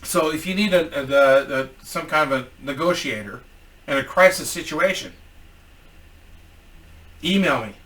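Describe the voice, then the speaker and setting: A man's voice: on the high side, measured pace, pauses often, pushed and bright, recorded from a distance. A man telling a story in a casual, profane, rambling vlog as a YouTuber.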